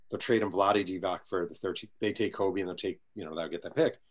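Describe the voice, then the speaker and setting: A man being interviewed as an author, telling a long anecdote with energy and acting out the people in it. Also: on the low side. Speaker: guest author. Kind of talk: storytelling interview answer.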